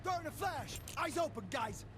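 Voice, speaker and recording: A man's voice: very high voice, animated, normal speed, pushed and bright, exaggerated voice. A man voicing an in-game tactical operator who gives clipped commands, heard as distant game audio under music. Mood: terse. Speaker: in-game squad member callouts.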